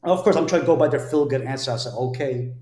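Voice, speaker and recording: A man's voice: mid-range voice, quick pace, mellow. Earnest man telling his story, roomy sound. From New Jersey, USA. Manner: earnest, repeats words when restarting, acts out quotes. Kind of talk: conversational personal testimony. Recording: roomy echo.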